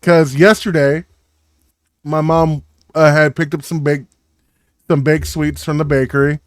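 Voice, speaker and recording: A man with a fairly high voice co-hosting a comedy podcast. He tells stories in an animated way and keeps slipping into little voices. The sound is dry and close. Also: measured pace, smooth, no echo. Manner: animated storyteller, slips into voices. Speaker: podcast co-host. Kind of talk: casual comedy podcast chat.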